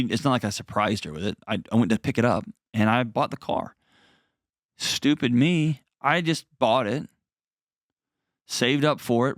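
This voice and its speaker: A man's voice: medium pitch, no room sound, clean studio sound. Earnest man giving advice. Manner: earnest, plainspoken counsel with folksy asides. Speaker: host. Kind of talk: advice call-in show.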